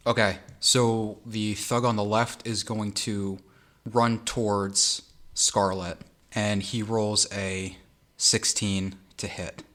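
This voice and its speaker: A man narrating a tabletop game as game master, relaxed and descriptive with frequent fillers. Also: on the low side, slow.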